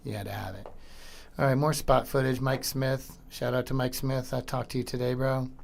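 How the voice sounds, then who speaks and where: A middle-aged man hosting a podcast, commenting casually and excitedly over old skateboarding footage, slangy and swearing. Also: medium pitch, moderate pace, gravelly, a little hiss or hum. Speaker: podcast host.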